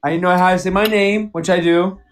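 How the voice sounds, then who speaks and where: A man's voice: high-pitched, steady tone, brisk. A man who is a guest on a casual live chat, joking in a laid-back, profane way.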